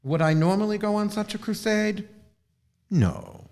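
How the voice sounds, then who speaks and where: A man's voice: sits high, big pitch swings, a little slow, creaky, a little mellow. A man hosting a live video stream, talking casually in a rambling, profane and sardonic way. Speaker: livestream host.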